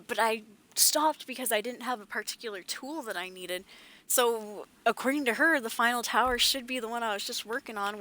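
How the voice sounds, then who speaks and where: A woman's voice: fairly high pitch, bright, forceful tone. A woman streaming a game, chatting casually with jokes and sarcastic asides. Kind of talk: casual gameplay chat.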